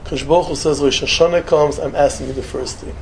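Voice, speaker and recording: A man giving a sermon, telling a story and mixing in Hebrew and Yiddish phrases, jumping between loud emphatic lines and soft murmured asides. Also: on the high side, steady tone, fast, vocal fry, a little hiss or hum. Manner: peppers English with Hebrew and Yiddish words, short repeated phrases. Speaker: rabbi giving a talk.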